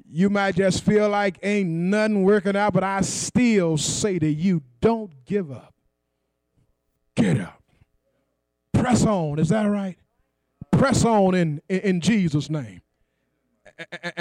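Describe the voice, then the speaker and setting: A male preacher, delivering a sermon in a whooping, sing-song cadence, often shouting and asking the congregation for response. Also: sits high, dry recording, studio quality.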